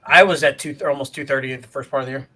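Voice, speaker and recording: A man co-hosting a podcast in relaxed, easygoing casual chat. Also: mid-range voice, rapid-fire. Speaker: podcast co-host. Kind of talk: casual chat about bowling.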